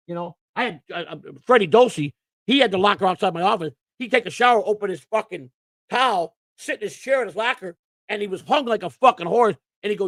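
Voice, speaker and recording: Gravelly older man telling profane stories. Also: high voice, fast, a bit bright, no room sound. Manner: profane, rambling anecdotes with quoted voices. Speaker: host. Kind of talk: casual storytelling.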